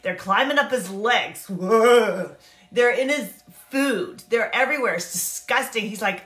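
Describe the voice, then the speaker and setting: Lively high-voiced woman teaching scripture. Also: echoey room. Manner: animated, chatty, acts out characters in quick asides. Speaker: Bible teacher and life coach. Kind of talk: casual Bible teaching to camera.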